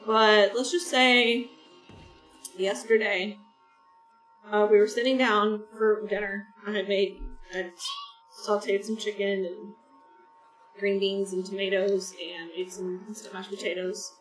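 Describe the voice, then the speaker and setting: A woman's voice: mid-range voice, flat delivery, unhurried, pauses often. A woman streaming a game, chatting in a rambling, casual way and talking to her viewers. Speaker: gaming streamer. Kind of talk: casual chat while playing a game. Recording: roomy, distant mic with soft game music.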